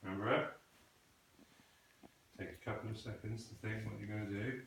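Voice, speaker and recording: Low-voiced male krav maga instructor, echoey. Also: fairly even intonation, fairly quick, gravelly, fairly bright tone, a little hiss or hum. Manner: patient, corrective, asks the student questions. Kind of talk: coaching a student in a class. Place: training hall. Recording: echoey room, voice from a distance.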